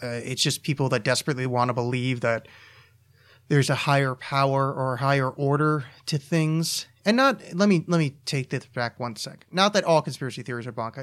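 A man's voice: mid-range voice, a bit bright. A man hosting a solo podcast, ranting casually with profanity, restarts and repeated words. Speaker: podcast host.

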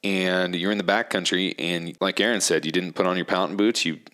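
A man's voice: sits low, steady tone, a little fast, pushed and bright. A man hosting a podcast, reflecting on his guest's story in an encouraging way. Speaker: podcast host. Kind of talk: casual podcast conversation.

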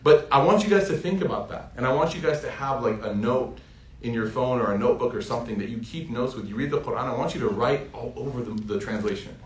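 A man giving a casual religious lesson, telling stories in a lively, anecdotal way and often laughing as he talks. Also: medium pitch, fast talker. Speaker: Islamic teacher. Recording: roomy echo, speaker off-mic.

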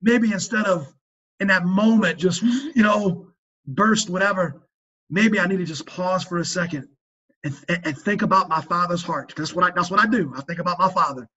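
This father sharing parenting advice has a high-pitched, bright voice with a forceful, slightly rough tone, moving at a moderate pace. He talks earnestly about fathering on a faith-based podcast, emphatic and preachy, often beginning sentences again. The sound is lo-fi.

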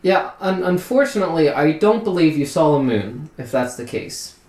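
A man's voice: on the high side, lively intonation, normal speed, a little mellow, natural voice. A man voicing a skeptical, matter-of-fact female scholar who lectures and dismisses ideas. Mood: dismissive. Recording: roomy echo.

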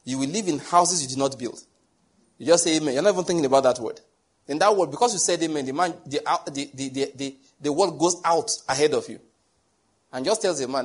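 This middle-aged Nigerian man's voice is a little high and husky, and his pace is brisk. Preaching a sermon, he tells animated stories and acts out their dialogue.

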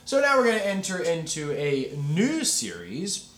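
A man hosting a podcast in casual chat, talkative and quick to laugh. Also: fairly high pitch, reverberant. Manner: chatty, laughs easily, lively delivery. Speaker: podcast host.

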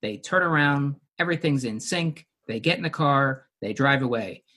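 A man's voice: mid-range voice, expressive, moderate pace, sharp tone. A man recapping and discussing a television episode with co-hosts in a casual chat, with frequent fillers.

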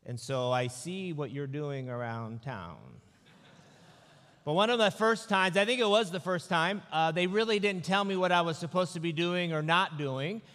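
A male pastor preaching a sermon, telling personal stories in a relaxed way with self-deprecating humor. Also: a little high, normal speed. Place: church sanctuary. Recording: long reverb of a large hall.

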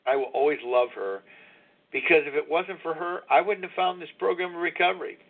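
Sixties male host, slightly high voice, rambling confessional monologue over a phone-thin line. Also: brisk. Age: 60s. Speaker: radio show host. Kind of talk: candid recovery talk show monologue. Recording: tinny phone-line sound.

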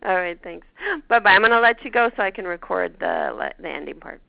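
A woman's voice: on the low side, expressive, fairly quick, creaky, dry recording. A woman with a Canadian accent hosting a show, chatting casually and telling a personal story with laughs. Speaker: podcast host. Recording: dull lo-fi dry sound.

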